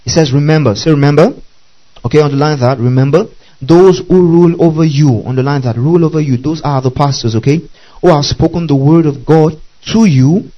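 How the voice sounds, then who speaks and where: A man's voice: a little high, brisk, mellow, muffled recording. Emphatic man preaching a teaching sermon. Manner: emphatic teaching, repeating key phrases and asking the congregation to underline. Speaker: pastor.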